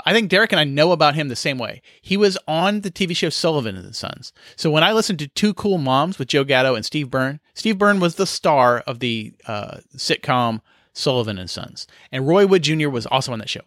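Guy rambling on his solo podcast, mid pitch, dry small room. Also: fairly bright tone, no echo. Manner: rambling, chatty, with frequent fillers. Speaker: podcast host. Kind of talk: casual solo podcast talk.

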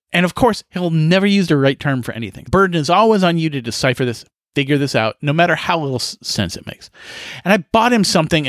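A man's voice: fairly high pitch, a bit bright, no room sound, clean studio sound. A man in his fifties hosting a solo podcast, telling exasperated, profane stories with frequent laughs and sighs. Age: 50s. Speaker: podcast host. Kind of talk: casual solo podcast monologue.

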